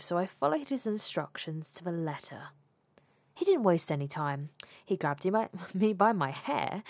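A woman narrating an erotic first-person story, often slipping into breathy whispers with a slow, sultry delivery. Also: lowish voice, no echo.

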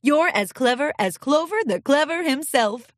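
A woman's voice: high-pitched, expressive, normal speed, no room sound, clean studio sound, voice pushed up. A woman doing a sunny regal pony princess. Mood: cheerful. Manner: sunny, warmly formal. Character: gentle regal female pony princess teacher.

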